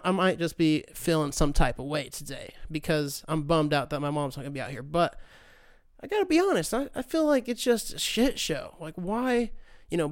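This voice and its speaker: A man's voice: high-pitched, no room sound, clean studio sound. A young man hosting a podcast, ranting casually with lots of swearing and sarcastic mock voices. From United States. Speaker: podcast host. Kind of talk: casual solo rant.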